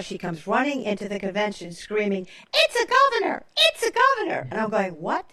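A woman's voice: mid-range voice, recorded from a distance. An older woman hosting a political talk show, telling stories emphatically and often checking in with "okay?". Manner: emphatic storyteller, keeps adding "okay?". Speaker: radio talk show host.

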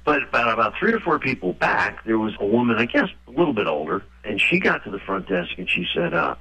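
A man being interviewed, talking in a lively storytelling way and acting out the voices he quotes. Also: mid-range voice, quick pace, creaky, hardly any pauses. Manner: animated, acts out quoted voices. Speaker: guest author. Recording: dull lo-fi radio audio.

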